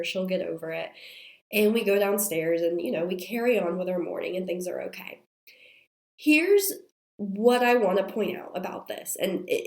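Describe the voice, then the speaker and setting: A woman's voice: medium pitch, darkish tone. Sick woman host, chatty, roomy sound. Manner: chatty and confessional, many fillers. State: sick, strained voice. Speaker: podcast host. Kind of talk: candid storytelling monologue. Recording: roomy echo.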